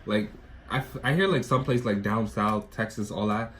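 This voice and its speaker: A young man with a New York accent in a casual chat, telling stories in an animated way and swearing a lot. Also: lowish voice, normal speed, a little hiss or hum. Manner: animated storytelling, swears often. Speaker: co-host.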